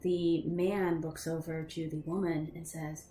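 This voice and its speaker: Casual woman game master, lower voice, echoey room with soft music behind. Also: flat delivery, measured pace, few pauses. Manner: casual, many ums and restarts. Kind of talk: narrating a tabletop game.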